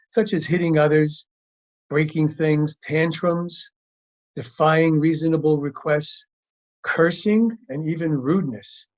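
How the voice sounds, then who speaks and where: A man presenting a training talk on children's behavior, his voice sitting a little higher than most men's. He talks in a lively, engaged way and shifts his tone as he explains each point. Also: muffled recording. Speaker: parenting and teaching workshop speaker.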